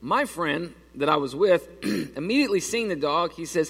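Folksy pastor in a reverberant church. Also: male voice, on the high side, animated, moderate pace, creaky, hardly any pauses, a bit bright, husky. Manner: conversational storytelling with many restarts. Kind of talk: sermon. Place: church sanctuary.

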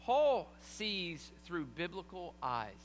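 A man's voice: high voice, very animated, takes it slowly. A man preaching a sermon in a conversational way, often asking his congregation questions. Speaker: pastor. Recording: long hall reverb, faint hum.

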